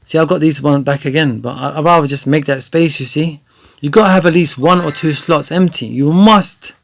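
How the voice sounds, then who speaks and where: A man giving chatty, rambling gameplay tutorial commentary that often turns excited. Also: on the high side, normal speed, gravelly. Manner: chatty, rambling with many fillers, grows excited. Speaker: gaming video creator.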